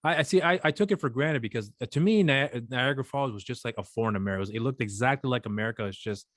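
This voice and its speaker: A man's voice: medium pitch, rapid-fire, fairly bright tone, no room sound, clean studio sound. A man co-hosting a podcast, chatting casually and telling a long rambling story with acted-out voices. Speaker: podcast co-host. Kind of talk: casual chat.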